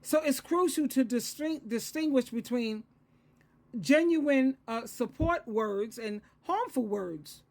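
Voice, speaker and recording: A woman's voice: fairly high pitch, lively intonation, slow, a little mellow. A woman in her sixties, an advice coach and Christian counselor, giving a solo advice talk in an earnest, lecturing way and repeating phrases for emphasis. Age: 60s.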